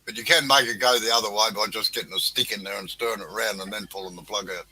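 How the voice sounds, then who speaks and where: A man's voice: fairly low pitch, steady tone, quick pace, bright, forceful tone, husky, poor audio. A man hosting a casual woodworking chat on a video call, bantering with dry jokes. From Australia.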